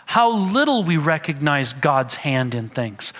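A man's voice: on the high side, very animated, measured pace, few pauses, a bit bright, big-room sound. A man preaching a sermon, reading scripture aloud and then explaining it in an earnest, conversational way. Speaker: pastor.

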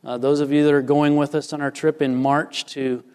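A man's voice: fairly high pitch, flat delivery, moderate pace, darkish tone, clear, resonant tone, long reverb tail. A man preaching a sermon, reading scripture and explaining it with earnest emphasis. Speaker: pastor.

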